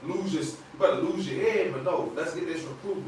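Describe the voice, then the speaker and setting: A man with a slightly high voice leads a Bible study in loose, chatty talk, checking in with "right?" as he goes. He is heard from a distance in a very echoey room. A faint hiss runs underneath. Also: brisk, hardly any pauses, a little mellow.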